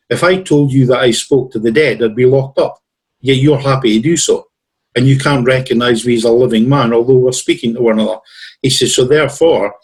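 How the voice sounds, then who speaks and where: A man's voice: medium pitch, breathy edge, poor audio. A male guest on a talk show telling long, rambling stories and acting out what other people said to him. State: tickly throat with coughs. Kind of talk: storytelling in a conversation.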